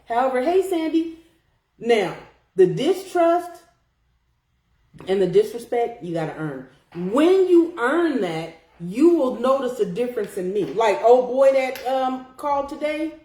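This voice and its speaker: A young adult woman hosts a podcast, chatting casually and reading live chat comments in a blunt, profane, animated way. Her voice is a little high, and the sound is reverberant.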